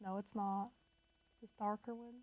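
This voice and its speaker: A woman's voice: medium pitch, little pitch movement, a little slow, a little mellow, no room sound. A woman hosting a casual step-by-step crafting tutorial, chatty and upbeat, talking straight to her viewers.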